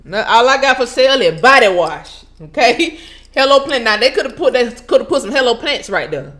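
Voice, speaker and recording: A woman with a high voice speaks in on her own vlog. She rants loosely and profanely to her viewers, breaking into laughter and sounding openly incredulous. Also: lively intonation, moderate pace, bright, forceful tone. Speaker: channel host. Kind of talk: casual ranting vlog.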